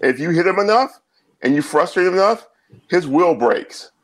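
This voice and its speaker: A man giving his take on football as a guest analyst, measured, with many fillers and repeats. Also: sits high, lively intonation, rough recording. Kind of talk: casual sports talk.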